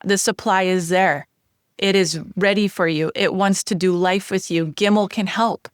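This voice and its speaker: A woman hosting a podcast lesson, sharing a personal testimony in an earnest, animated way. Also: medium pitch, normal speed, smooth, dry recording, clean studio sound. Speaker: podcast host teaching Hebrew letters.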